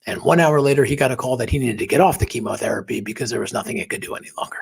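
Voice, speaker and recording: Husky guy on a podcast, earnest story, goes whispery at the soft parts, mid-pitched voice. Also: racing. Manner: earnest, emotional, drops to a whisper at tender moments. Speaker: podcast guest. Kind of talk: personal storytelling in an interview.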